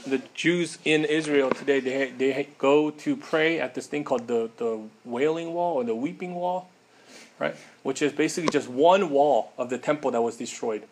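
A man's voice: medium pitch, slight background noise. A man preaching a casual sermon in a conversational way, with many fillers and frequent tag questions.

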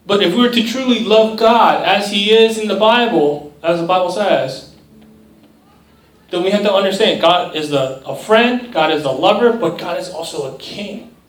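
A man's voice: sits high, moderate pace. A young man preaching a conversational sermon to a youth group, often checking in with "right?" and briefly mimicking other voices. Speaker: youth pastor. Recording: echoey room, mic at a distance.

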